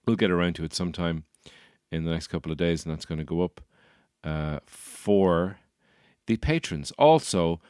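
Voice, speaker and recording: A man's voice: low-pitched, normal speed, a little mellow, clear, resonant tone, dry recording, studio quality. A man with a Dublin Irish accent, a comedian hosting his podcast, rambling on in a wry, self-mocking way. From Ireland. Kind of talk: comic podcast monologue.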